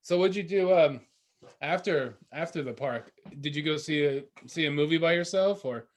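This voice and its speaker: Chill guy ribbing his buddy, slightly high voice, short easygoing replies. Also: moderate pace. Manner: laid-back, teasing, short responses. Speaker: podcast co-host. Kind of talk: casual chat.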